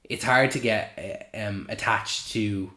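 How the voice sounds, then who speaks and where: Low-voiced podcast man, echoey room. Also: slow, pushed and bright. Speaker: podcast co-host. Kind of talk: casual film review chat. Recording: roomy echo.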